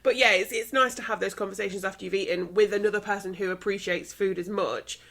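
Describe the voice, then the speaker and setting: A woman co-hosting a relaxed podcast, sharing everyday anecdotes in an easy, chatty way. She is quick to laugh and keeps the talk light and conversational. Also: mid-range voice, creaky. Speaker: podcast co-host. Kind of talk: casual chat.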